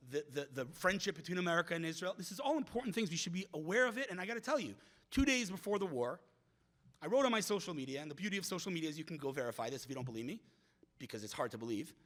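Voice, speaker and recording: Lively high-voiced man giving a talk. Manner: animated storyteller who acts out quoted voices; frequent restarts and repeated words. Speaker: guest speaker. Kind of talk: speech at a community event.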